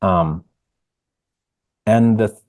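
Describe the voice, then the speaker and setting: Man, about 50, podcast guest; earnest and halting, warm low voice, dry. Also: no echo. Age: around 50. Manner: earnest, halting, with many restarts and "like". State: emotional, near tears. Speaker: podcast guest, singer-songwriter. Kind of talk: reflective interview conversation.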